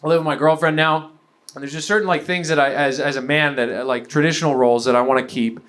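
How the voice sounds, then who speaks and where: A young man from Canada doing a stand-up comedy set, rambling and halting with lots of fillers. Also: fairly high pitch, steady tone, fairly bright tone. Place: comedy venue with a laughing audience.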